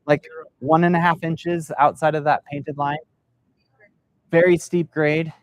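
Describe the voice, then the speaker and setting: A man's voice: on the high side, little pitch movement, measured pace, dry recording. A middle-aged man mentoring business founders in a live workshop, telling a story and quizzing the room. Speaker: sales mentor. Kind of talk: live workshop talk to an audience. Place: meeting room with an audience.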